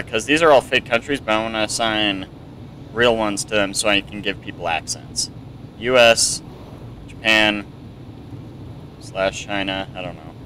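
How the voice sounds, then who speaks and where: Slow, bright-voiced young gameplay streamer. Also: male voice, slight background noise, poor audio. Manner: mumbly and hesitant, with many ums, and yelps up into high panicked no-no-nos. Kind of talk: casual let's-play commentary. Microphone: desk mic with webcam.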